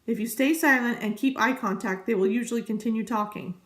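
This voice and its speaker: A woman's voice: fairly high pitch, brisk. A woman in her thirties chatting casually to camera as a vlogger, rambling and easily sidetracked. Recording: echoey room.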